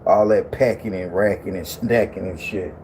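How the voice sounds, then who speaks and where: A man's voice: low-pitched, moderate pace, darkish tone, slight background noise. A man hosting a livestream who chats casually, in a loose, profane and repetitive way. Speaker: livestream host.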